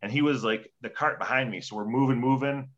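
A man's voice: medium pitch, a little fast. A man telling rowdy stories in casual chat as a guest, swearing freely and acting out quotes. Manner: profane, animated storytelling with acted-out quotes. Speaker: guest, former hockey player. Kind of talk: casual storytelling. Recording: dull lo-fi audio.

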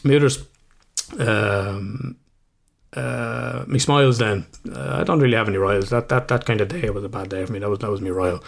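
A man's voice: lowish voice, moderate pace, creaky. A man in his thirties, a psychotherapist co-hosting a podcast, rambling casually with swearing and laughter. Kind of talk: casual chat.

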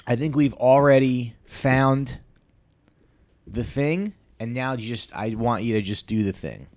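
A man in his thirties hosting a solo podcast, rambling crudely and self-deprecatingly with many halting restarts. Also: mid-range voice, a little mellow. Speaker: podcast host.

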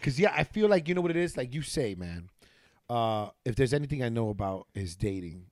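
A man's voice: medium pitch, big pitch swings, a little fast, no room sound, studio quality. A young man hosting a podcast, bantering casually and calling his guest "bro". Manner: loose slangy banter, lots of "bro" and "yo". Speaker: podcast host. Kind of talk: casual chat.

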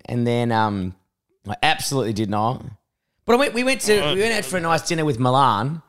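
An Australian man co-hosting a casual podcast chat, telling rambling stories full of swearing and acted-out quotes, his voice a bit rough. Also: mid-range voice, animated, fairly quick, fairly bright tone. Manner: rambling storyteller, swears often, acts out quotes. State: voice rough from vomiting. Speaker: podcast co-host.

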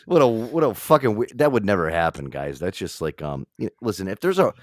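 Male host, casual comedy banter, rambling, swears, lively pitch, dry close sound. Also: brisk, dry recording. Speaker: podcast host.

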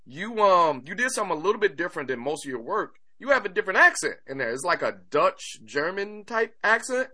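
A man's voice: high voice, big pitch swings, a little fast, hardly any pauses, pushed and bright. A man hosting a podcast, asking an actor questions in a curious, casual way with long run-ups. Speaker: podcast host.

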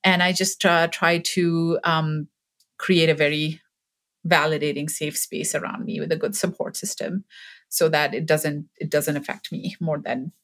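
A woman's voice: sits low, level tone, measured pace, fairly bright tone. A woman in her forties, a podcast guest, telling a personal story in an earnest, increasingly emphatic way. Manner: earnest, grows more emphatic and impassioned.

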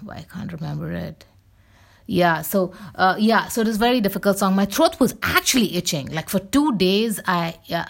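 Female podcast host, low creaky voice, loose rambling chat. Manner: rambling, full of fillers and tangents. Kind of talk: casual rambling monologue.

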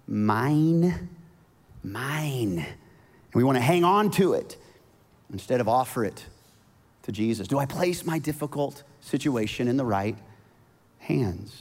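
Man preaching in a reverberant hall. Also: medium pitch. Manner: animated storytelling, dropping to soft intimate asides. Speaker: pastor. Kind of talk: sermon. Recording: long reverb of a large hall.

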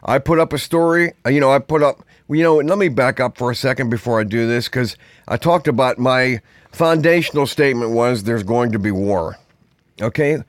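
A man's voice: medium pitch, moderate pace, no room sound. A man hosting a podcast in a loose, conversational monologue, wandering into asides and trailing off mid-thought. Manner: rambling, conversational, many fillers and asides. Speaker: podcast host. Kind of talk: casual monologue.

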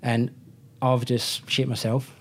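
A man in his thirties from Australia, a motorcycle racer, speaks slowly in a mid-range voice with little pitch movement. Chatting casually, he tells a rambling, slang-heavy story, repeatedly restarting and correcting himself.

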